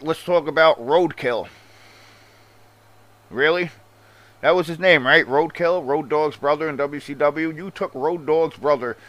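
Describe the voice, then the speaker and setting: A man's voice: on the high side, fairly bright tone, low-quality recording. Sarcastic, profane male podcast ranter. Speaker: podcast host. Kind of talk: casual rant about wrestling.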